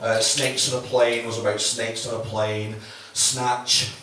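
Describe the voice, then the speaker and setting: A man's voice: mid-range voice, level tone, unhurried, bright, forceful tone. A man doing a chatty, swearing stand-up set, often acting out quotes. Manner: chatty, swearing, self-mocking, acts out quotes. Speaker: stand-up comedian. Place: comedy club stage. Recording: echoey room, mic from a distance, faint noise.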